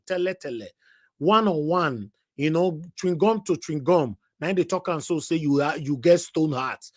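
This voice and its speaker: A man's voice: fairly high pitch, no echo, clean studio sound. A man with a Nigerian accent hosting a live stream, talking conversationally and switching into Pidgin. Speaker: host.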